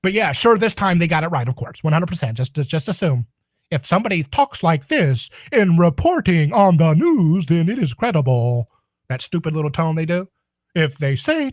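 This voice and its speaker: A man's voice: high voice, very animated, a little fast, dry recording. Sarcastic indignant male talk-radio host. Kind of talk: political talk radio monologue.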